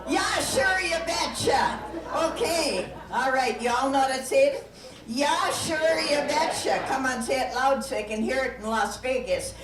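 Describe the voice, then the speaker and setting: A woman's voice: high voice, moderate pace, a crowd in the background. A woman with a Minnesotan accent doing live stage comedy, teasing the audience with a folksy laugh and bursts of song. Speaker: comic performer. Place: live show venue. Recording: echoey room from far off, live music.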